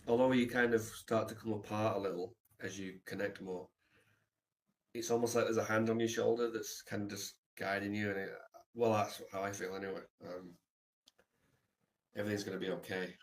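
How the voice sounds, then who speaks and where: Low-voiced man musing on a livestream. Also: flat delivery, brisk. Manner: reflective, swears casually, many fillers. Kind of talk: casual rambling monologue.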